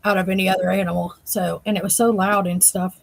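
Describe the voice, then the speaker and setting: A woman with a husky, gravelly voice co-hosts a live stream. She chats in a relaxed way and reacts warmly to her partner's stories. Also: medium pitch, fast, no room sound, rough recording. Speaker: co-host. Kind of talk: casual chat on a live stream.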